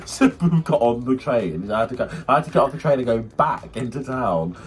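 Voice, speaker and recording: Young man, lively pitch, casual podcast chat. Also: brisk. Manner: animated storyteller, acts out friends in squeaky voices. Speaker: podcast co-host.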